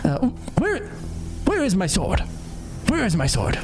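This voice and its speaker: A man's voice: sits high, huge pitch swings, background noise, full character voice. A man voicing a confused, stammering plasmoid paladin in a tabletop game. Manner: halting, stammering. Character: male plasmoid paladin in armor, dazed and confused.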